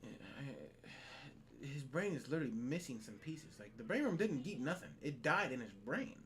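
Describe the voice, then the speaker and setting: A man hosting a casual podcast, talking in an animated, profane way and laughing often. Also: medium pitch, brisk, slight background noise. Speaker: podcast host.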